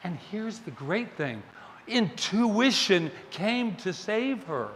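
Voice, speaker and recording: Male minister preaching, lively storytelling, fairly high voice, long hall reverb. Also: slow pace, slight background noise. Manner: animated, playful storytelling with laughs. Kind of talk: sermon. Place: spiritual center sanctuary.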